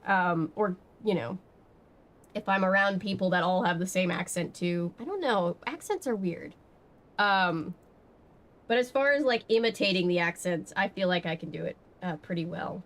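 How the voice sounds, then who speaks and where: A woman's voice: medium pitch, normal speed, fairly bright tone. A woman from Georgia with a slight Southern accent, chatting casually with her stream audience in a rambling way. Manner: chatty, rambling with fillers and restarts. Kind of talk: casual live-stream chat.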